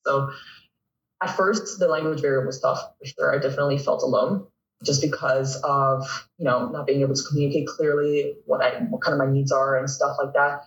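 A young man in his twenties with a Canadian accent, telling stories as a guest in a casual interview, animated and laughing often. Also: medium pitch, brisk. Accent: Canadian English. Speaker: guest, pro volleyball player. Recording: echoey, from a distance.

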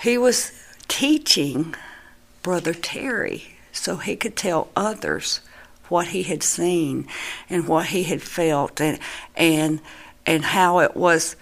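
Middle-aged woman, personal testimony, earnest halting delivery, lowish voice. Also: creaky. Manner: earnest, halting, with many restarts. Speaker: grieving mother giving testimony.

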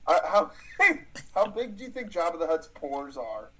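A man co-hosting a podcast, asking questions and dropping jokey quips in easy chat. His pitch moves a lot, rising and falling as he riffs. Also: sing-song, normal speed, pushed and bright, rough recording. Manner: joking, throws in quips and questions. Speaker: podcast co-host. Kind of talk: casual comedic chat.

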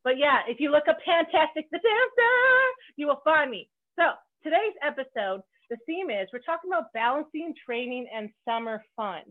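Upbeat woman podcast host from Canada, fairly high voice, loose and joking, cheerfully profane, tinny narrow line. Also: expressive, a little fast, hardly any pauses. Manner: bubbly, joking, swears freely. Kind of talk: casual podcast chat. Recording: phone-like narrow band.

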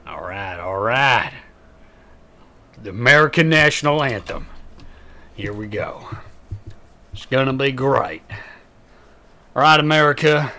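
Tipsy young man ranting loudly. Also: mid-range voice, lively intonation, slow pace, pauses often. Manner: loud, crude and rambling, swearing often. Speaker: podcast co-host. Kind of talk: casual drunk banter.

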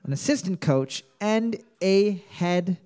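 High-voiced joking quiz host man. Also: animated, takes it slowly, a little mellow, smooth. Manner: reads questions twice, then jokes and laughs. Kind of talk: joking trivia quiz banter.

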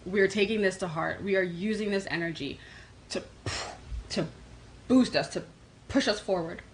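A woman from New York with a New York accent, hosting a casual tarot livestream and answering comments in a quick, energetic way. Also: mid-range voice, a little hiss or hum, rough recording. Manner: fast-talking, energetic, reads comments aloud. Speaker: livestream host doing tarot readings.

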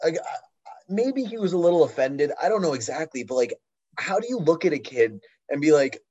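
A man's voice: fairly high pitch, expressive, a little fast, warm tone, breathy edge. Guy in his 20s chatting on a podcast, lots of likes and restarts, kinda dull lo-fi audio. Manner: rambling, lots of fillers and restarts. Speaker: podcast co-host. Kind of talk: casual chat.

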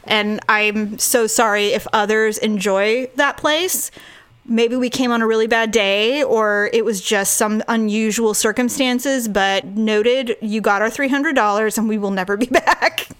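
Animated woman telling a story. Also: fairly high pitch, a little slow, clean tone. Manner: animated, acts out quotes, laughs often. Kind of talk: casual storytelling chat.

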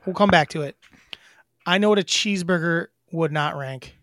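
A man's voice: on the high side, moderate pace, fairly bright tone, no echo, studio quality. A man co-hosting a podcast, chatting casually in a joking, playful way. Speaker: podcast co-host. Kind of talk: casual chat.

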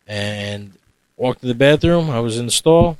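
A man's voice: medium pitch, expressive, moderate pace, smooth, no room sound. A young man co-hosting a casual podcast with his brothers, telling a story in a joking, playful way. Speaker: podcast co-host.

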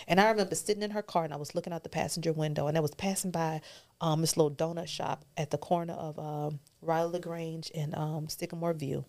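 A woman's voice: low voice, gravelly, a little mellow. A woman guest on a podcast, telling her story earnestly and emotionally, dropping to a whisper at key moments.

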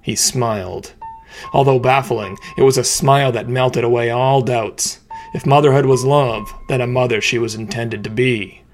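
A man reading a serialized thriller as narrator, measured and dramatic. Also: steady tone, rough recording. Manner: measured, dramatic, low-key. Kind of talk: scripted audiobook narration. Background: music.

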